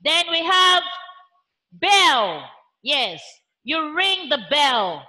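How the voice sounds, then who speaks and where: A woman with a Nigerian accent teaching young children in an online class, imitating animal sounds in a slow sing-song way. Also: high-pitched, sing-song, bright, forceful tone. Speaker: primary school teacher.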